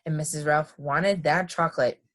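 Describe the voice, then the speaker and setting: A woman reading a children's picture book aloud in an expressive, lively manner. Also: low-pitched, moderate pace. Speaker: storybook reader.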